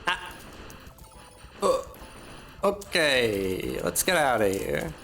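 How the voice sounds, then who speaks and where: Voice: medium pitch, very animated, drawn-out words, creaky, a bit bright, soft background music. A young adult streamer giving live gameplay commentary, thinking aloud, swearing and mocking their own mistakes.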